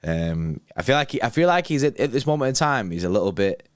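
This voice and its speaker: A man's voice: medium pitch, big pitch swings, fast talker, no room sound, studio quality. A young man co-hosting a casual football livestream, chatty, laughing often and reading out viewer messages. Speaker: livestream co-host.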